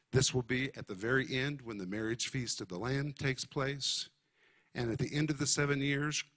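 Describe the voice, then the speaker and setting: A man teaching a sermon on the Bible, emphatic and deliberate, spelling out Greek words for his listeners. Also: mid-range voice, a bit bright.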